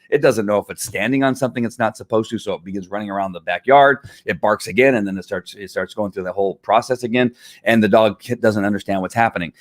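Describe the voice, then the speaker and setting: A man's voice: fairly low pitch, no echo, clean studio sound. A man explaining dog training in a casual, emphatic way, now and then imitating barking dogs.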